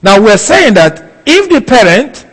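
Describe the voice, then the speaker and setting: A man giving a sermon in a slow, deliberate, emphatic way. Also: high-pitched, big pitch swings, fairly bright tone, big-room sound, rough recording. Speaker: preacher.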